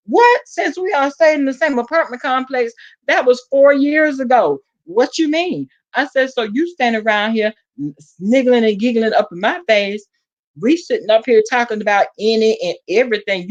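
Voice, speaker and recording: A woman with a Southern US accent telling a gossipy story to her viewers in a casual vlog, acting out the quotes with sudden jumps in her voice. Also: dull audio. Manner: animated gossip, acts out quotes with big pitch jumps. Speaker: vlogger.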